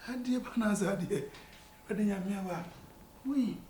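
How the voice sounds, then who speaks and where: A man, joking loudly in a comedy skit and mixing English with Twi. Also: high voice, unhurried, distant mic. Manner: loud excited mix of English and Twi. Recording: echoey room, faint noise.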